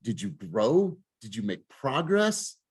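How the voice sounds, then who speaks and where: A man's voice: medium pitch, very animated, slow pace, slightly rough. A man leading a group coaching call, talking in a fired-up, emphatic way and swearing for emphasis. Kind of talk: motivational group coaching talk.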